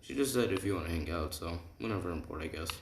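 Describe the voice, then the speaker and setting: A man voicing an eager, polite teenage boy training to be a hero, talking quickly and casually. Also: sits low, expressive, gravelly, slight background noise. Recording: echoey room, faint keyboard typing.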